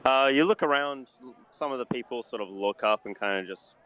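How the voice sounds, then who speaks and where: A man narrating a tabletop game as dungeon master, hesitant and halting with many restarts. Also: medium pitch, pushed and bright, clear, resonant tone, poor audio.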